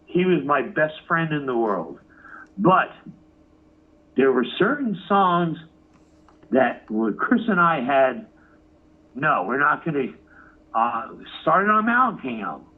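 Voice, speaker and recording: Male rock musician, animated and profane, high voice; thin phone-line sound. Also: slow pace, pauses often. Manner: swears freely, acts out quotes. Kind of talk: animated storytelling interview. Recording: phone-like narrow audio.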